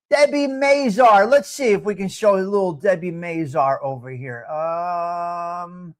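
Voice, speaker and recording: A man's voice: sits high, takes it slowly. A man hosting a live talk show, brash and profane, repeating himself as he riffs. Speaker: host.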